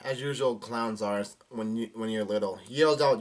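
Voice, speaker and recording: Young man reading manga aloud, halting. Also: on the low side. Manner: casual, halting, reads dialogue aloud with many restarts and fillers. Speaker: manga reaction vlogger. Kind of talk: live chapter reading and reaction.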